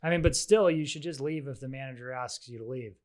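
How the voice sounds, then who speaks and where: A man co-hosting a casual discussion podcast, chiming in with relaxed asides and easy chuckles. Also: medium pitch, fast talker. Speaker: podcast co-host.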